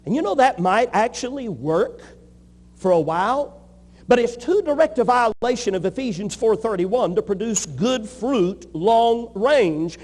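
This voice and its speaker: Male pastor, high voice, emphatic repetitive preaching, long hall reverb. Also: animated, measured pace, darkish tone. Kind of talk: sermon.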